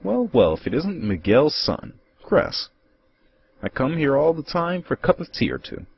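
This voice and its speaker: A man voicing a fussy old male healer in a game playthrough, with a high put-on old-man voice. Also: sing-song, normal speed, vocal fry, a little hiss or hum. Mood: teasing. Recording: muffled capture with game music.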